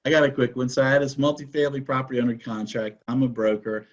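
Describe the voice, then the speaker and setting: Man, broker guest, assertive, explains with rhetorical questions, mid pitch, dull lo-fi audio. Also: steady tone, quick pace. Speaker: guest, commercial real estate broker. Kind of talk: conversational interview storytelling.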